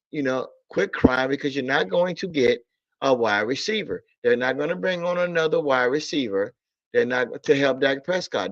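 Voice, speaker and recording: A man's voice: medium pitch, a bit bright, dry recording. Blunt, ranting man with a drawl. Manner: blunt, repetitive, exasperated, profane. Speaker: sports talk streamer. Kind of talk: casual sports rant. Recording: dull lo-fi audio.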